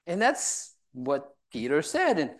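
A woman's voice: low voice, very animated, slow. A woman teaching from the Bible, reading verses aloud and retelling them in casual everyday talk. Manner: reads scripture then paraphrases it in casual voiced asides.

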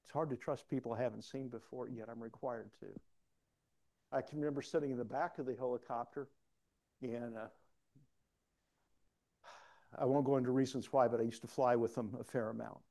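A middle-aged man preaching a sermon, telling personal stories and swinging from hushed asides to loud exclamations. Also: medium pitch, fairly even intonation, fast talker.

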